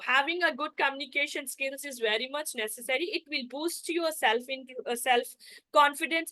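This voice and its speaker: A woman's voice: sits high, a bit bright, low-quality recording. A young woman teaching an online spoken class, repeating herself, using many fillers and calling her students guys.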